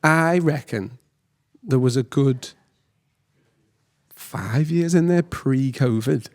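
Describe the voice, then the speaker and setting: A man with a Liverpool accent, a band singer and hype man, bantering as a podcast guest with playful, quick quips. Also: medium pitch, darkish tone. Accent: Liverpool (Scouse). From Liverpool, England.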